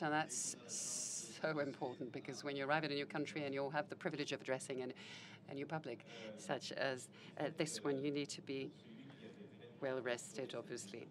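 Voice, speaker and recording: Woman interpreting live, halting and formal. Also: deep voice. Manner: halting, with fillers and self-corrections. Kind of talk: simultaneous interpretation of a panel conversation.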